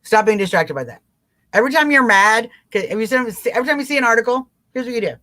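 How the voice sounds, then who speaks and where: A woman hosting a live political talk stream, urging her viewers on with emphatic, repeated commands and quick mimicking asides. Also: a little high, expressive, fairly bright tone. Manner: emphatic, repetitive exhortation straight to viewers. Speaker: live-stream show host.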